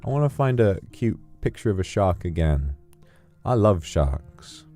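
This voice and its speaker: A man chatting casually on a livestream, playful and rambling, his voice leaping up when he gets excited. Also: sits low, a little slow, faint music behind. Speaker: streamer.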